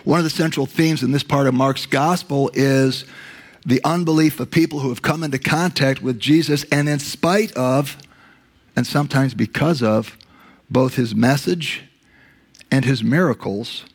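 A male pastor delivers a sermon with a gravelly, slightly husky voice. He retells scripture stories, dropping low for the quoted lines, and slows right down to stress his key words. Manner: storytelling, acts out quotes in a lowered voice.

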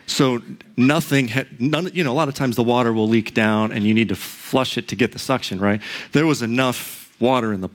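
A middle-aged pastor preaching a sermon, telling a personal story in a conversational way with frequent asides and tag questions. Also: male voice, mid-range voice, brisk.

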